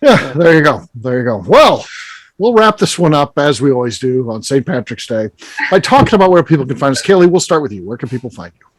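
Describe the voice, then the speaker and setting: A man hosting a casual podcast chat, lively and teasing, laughing easily between remarks. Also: medium pitch, fairly quick. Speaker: podcast host.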